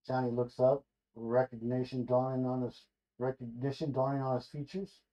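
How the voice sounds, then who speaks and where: A man reading a rough draft screenplay aloud in a loose, ad-libbing way, correcting himself with casual asides, in a dull lo-fi recording. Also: mid-range voice, little pitch movement, moderate pace, warm tone. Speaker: screenplay reader.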